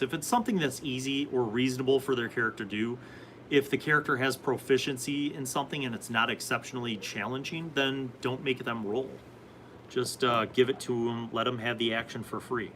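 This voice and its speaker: A man's voice: mid-range voice, fairly quick, a bit bright, a little hiss or hum, poor audio. A man hosting a casual live stream, reading viewer comments and rambling through answers about tabletop games.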